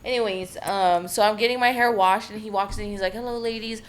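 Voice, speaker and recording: A woman co-hosting a casual podcast, telling an animated story and swearing freely. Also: mid-range voice, fairly quick, a little hiss or hum. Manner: swears a lot, animated retelling with quoted voices. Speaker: podcast co-host.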